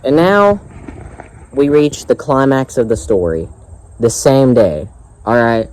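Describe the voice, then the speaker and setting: Young man ranting with lively pitch. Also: takes it slowly, slight background noise, low-quality recording. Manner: profane, exasperated, sarcastic. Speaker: vlogger. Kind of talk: ranting storytime vlog. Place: outdoors.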